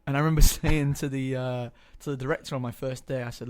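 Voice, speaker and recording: A young man talking casually as an interview guest, chatty and hesitant, filling pauses with ums. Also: mid-range voice, steady tone. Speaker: guest actor.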